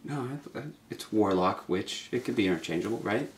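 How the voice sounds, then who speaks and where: A man's voice: fairly low pitch, a little fast. A middle-aged man hosting a comedic sketch in a dry, matter-of-fact way. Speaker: actor and sketch host.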